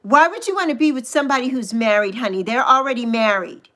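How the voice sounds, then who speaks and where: A woman in her sixties hosting a casual livestream, chatting with viewers and gushing over them with drawn-out coos. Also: a little high, pushed and bright. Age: 60s. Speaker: livestream host. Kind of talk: casual livestream chat reading viewer comments.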